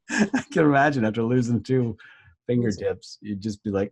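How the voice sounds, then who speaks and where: A man co-hosting a casual chat, relaxed and laughing often as he tells stories. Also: medium pitch, a little slow, long pauses, husky. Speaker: podcast co-host.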